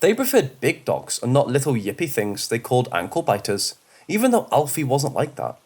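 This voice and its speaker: A man reading scripted paranormal stories aloud as a first-person narrator, in a measured delivery with the odd stumble. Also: medium pitch, wildly swooping pitch, a little mellow, breathy edge. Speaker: storyteller. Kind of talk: scripted horror story narration.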